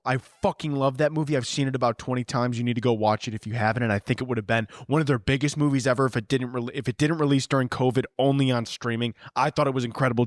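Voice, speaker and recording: A young man hosting a podcast, ranting in a profane, animated way with bursts of shouting and laughter. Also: medium pitch, dry recording, studio quality. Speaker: podcast host. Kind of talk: solo comedic ranting.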